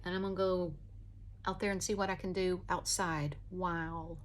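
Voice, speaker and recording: A woman's voice: fairly low pitch, level tone, moderate pace. A woman, chatting casually in a folksy, rambling way while doing her makeup at home. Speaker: vlogger.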